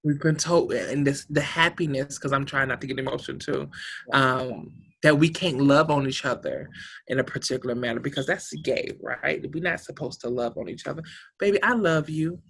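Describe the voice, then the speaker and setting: A woman's voice: very deep voice, steady tone, a little fast, creaky, fairly bright tone, breathy edge. A woman guest in a heartfelt interview, speaking emphatically and passionately, with a preacher-like, rousing manner and salty language. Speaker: guest, community organization director.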